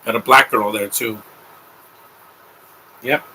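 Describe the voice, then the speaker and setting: Bright-toned man giving casual film commentary. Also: mid-range voice, steady tone, takes it slowly, a little hiss or hum, low-quality recording. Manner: offhand, rambling, opinionated asides. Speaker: live commentary host.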